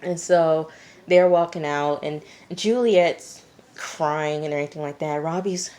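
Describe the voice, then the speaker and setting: Brief: lower-voiced woman, casual reviewer, blunt and chatty, filler-heavy. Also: fairly even intonation, unhurried, a little mellow. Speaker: TV review vlogger. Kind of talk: casual episode recap.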